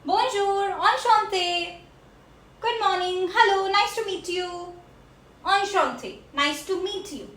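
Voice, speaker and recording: Slow, high-voiced woman teaching French. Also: a bit bright. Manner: slow, repeats each word for learners. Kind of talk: classroom language lesson. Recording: echoey room.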